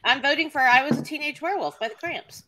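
A woman's voice: high-pitched, fast talker, crowd noise. A woman who is a podcast guest, sarcastic and laughing a lot in casual chat on a video call.

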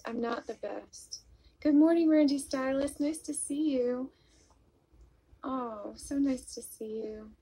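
A woman with a slightly high, husky voice chats casually to viewers on a live stream, greeting them by name and reading out their comments. She talks in a soft, confiding way, often apologising, and sounds close to a phone or webcam mic. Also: poor audio. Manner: soft, confiding and apologetic, talking openly about her mood disorder. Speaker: vlogger hosting a live stream.

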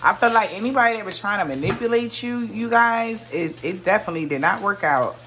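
A woman's voice: medium pitch, animated, a little fast, a bit bright, a little hiss or hum. A woman giving a casual tarot reading to her viewers, musing aloud, often exclaiming and trailing off mid-sentence. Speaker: tarot reader.

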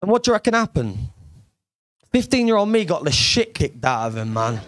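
A man's voice: on the high side, big pitch swings, brisk, fairly bright tone, dry recording, studio quality. A young man doing a brash, sweary stand-up comedy set on a club stage.

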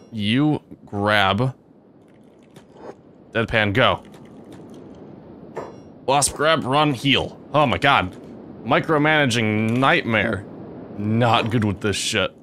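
Low-voiced man reacting loudly to a game. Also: very slow, pauses often, slight background noise. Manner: swears often, excitable reactive outbursts. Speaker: let's play host. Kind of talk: gameplay commentary.

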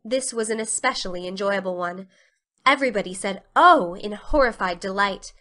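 A woman narrating a classic novel as a dramatic storybook reading, with expressive storytelling. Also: medium pitch, fairly quick.

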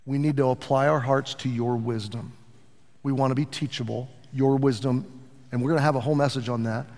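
A middle-aged pastor preaching a sermon in an earnest, animated way, with asides to his congregation. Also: medium pitch, fairly quick, big-room sound.

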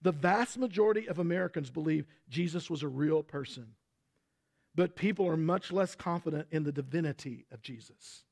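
Texan pastor, male, high-pitched and gravelly, preaching with emphasis. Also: moderate pace, darkish tone. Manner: emphatic preaching, rhetorical questions. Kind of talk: sermon.

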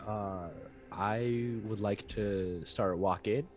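A man's voice: fairly low pitch, fairly even intonation, slow pace, music in the background. A man playing in a tabletop game, eager and upbeat as he talks. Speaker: player. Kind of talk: casual tabletop play.

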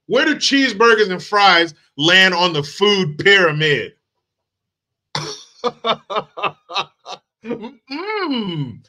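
Sharp-toned and high-pitched, this man runs his own channel and tears into a video clip. He mocks it sarcastically and swears throughout his rant.

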